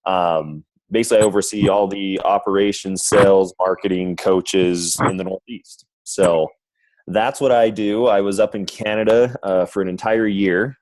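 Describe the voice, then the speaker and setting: Low-voiced upbeat sales manager. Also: male voice, fairly even intonation, normal speed, darkish tone, no room sound, rough recording. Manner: upbeat, rambling, says guys and right often. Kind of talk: conference call presentation. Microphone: phone line.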